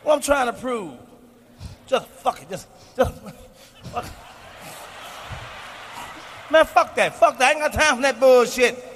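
A man in his forties doing a profane, boastful stand-up routine on stage, shouting his punchlines. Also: very high-pitched, measured pace, pauses often. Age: 40s. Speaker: stand-up comedian. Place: comedy stage before a live audience. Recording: live hall recording with faint noise.

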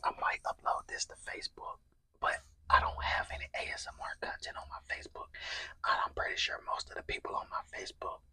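A man's voice: fairly quick, pushed and bright. A young man vlogging in a whispered ASMR mukbang style, talking casually with slang.

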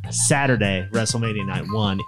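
Lowish guy voice on a podcast, just listing stuff, music pretty audible behind. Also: moderate pace. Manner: lists items in a steady, matter-of-fact way with light hesitations. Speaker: podcast co-host. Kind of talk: casual chat.

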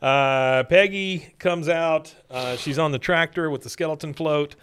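A man's voice: a little high, measured pace, a bit bright, slight background noise. A man retelling a cartoon episode scene by scene in a casual chat, now and then mimicking the characters' lines. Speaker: podcast host recapping episodes.

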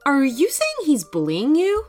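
A cheerful mother, voiced by a woman, gently teasing her son while trying not to laugh. Her voice sits a little high and moves around a lot, with soft music underneath. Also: huge pitch swings, measured pace, heavily acted.

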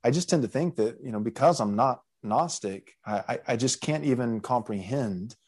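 A man's voice: mid-range voice, lively intonation, normal speed, darkish tone, breathy edge. A man who hosts a podcast as a pastor, thinking aloud earnestly in a casual theological discussion.

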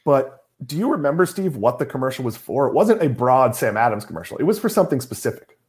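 Middle-aged guy from massachusetts, animated pitch, jokey and opinionated. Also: fast. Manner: joking, opinionated. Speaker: podcast host. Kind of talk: casual chat.

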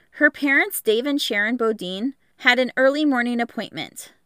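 A woman host reading scripted narration in a measured, factual way. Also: a little high, a bit bright, no room sound, clean studio sound. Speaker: podcast host.

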